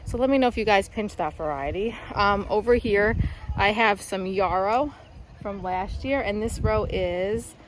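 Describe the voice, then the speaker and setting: Woman farmer, casual upbeat vlog, a bit out of breath, medium pitch, faint outdoor hiss. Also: unhurried, low-quality recording. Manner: chatty, upbeat, talking while walking the rows. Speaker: flower farmer. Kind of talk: casual walk-through vlog. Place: outdoors on a flower farm.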